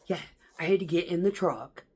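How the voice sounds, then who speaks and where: A woman vlogger telling blunt, profane stories about coworkers in a casual, animated way, mimicking the people she talks about. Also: fairly low pitch, moderate pace, breathy edge.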